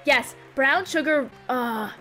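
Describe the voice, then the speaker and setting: A young adult woman giving let's-play commentary, loud, excitable and swearing in exasperation. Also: high voice, slow pace, music in the background. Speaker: gamer.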